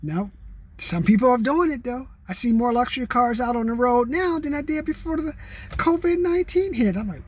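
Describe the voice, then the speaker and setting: Man, high voice, casual vlog chat, rambling, animated, restarts. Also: brisk. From California. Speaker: vlogger.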